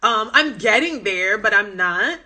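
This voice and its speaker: A woman from New York with a New York accent, chatting casually on a phone livestream and telling animated stories. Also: mid-range voice, measured pace. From New York, USA. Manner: animated storyteller who acts out voices in her stories; chatty and informal, with many fillers and asides. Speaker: language-learning content creator. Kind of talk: casual livestream chat and storytelling.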